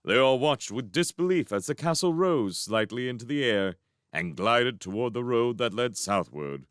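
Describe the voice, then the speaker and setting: A man narrating a fan audiobook reading with expressive storytelling. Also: mid-range voice, moderate pace, clear, resonant tone, dry recording, clean studio sound. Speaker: narrator, book reader.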